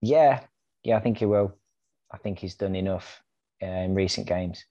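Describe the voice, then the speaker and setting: A man's voice: low voice, moderate pace, warm tone, no echo, highs cut off. A man as a guest on a casual podcast, giving brief agreeing replies.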